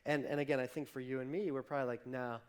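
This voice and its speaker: A male pastor giving a sermon, telling the story lively and acting out the characters' lines, with frequent restarts. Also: mid-range voice, very fast, clear, resonant tone. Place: church livestream.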